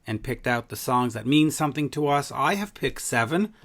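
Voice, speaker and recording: A man from Canada hosts a casual talk show, middle-aged and easygoing. He jokes around and laughs a lot as he chats with his guest. His voice sits at an ordinary pitch. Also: lively intonation, moderate pace, fairly bright tone. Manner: joking, laughs often. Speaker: podcast host. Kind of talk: casual chat.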